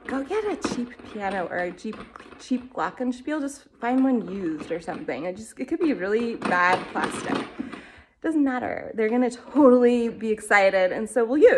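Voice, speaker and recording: A woman's voice: medium pitch, animated, normal speed, slight background noise. A woman giving a casual home music lesson, enthusiastic and passionate, singing note syllables as she explains, filmed on a phone with her baby nearby. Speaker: music teacher. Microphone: phone camera.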